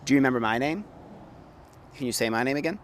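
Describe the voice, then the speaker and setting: A man's voice: medium pitch, fast talker, a little hiss or hum. A man hosting a ghost hunting vlog, talking casually and with wry jokes on location at an outdoor grave site. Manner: wry, joking, offhand.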